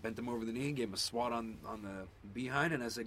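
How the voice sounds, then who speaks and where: A man's voice: medium pitch, fast talker, fairly bright tone, a little hiss or hum. A father telling a story in casual chat, laid-back and rambling with lots of fillers. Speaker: parent.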